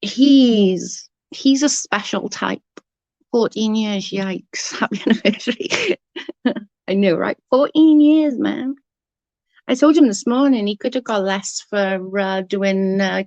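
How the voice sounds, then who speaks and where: A chatty woman hosting a live stream from home, answering her viewers as their messages come in. Her voice sits at a middle pitch and sounds close and dry, with no room echo. She talks bluntly and swears when something annoys her. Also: unhurried, gravelly, highs cut off. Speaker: livestream host. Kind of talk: casual live-stream chat.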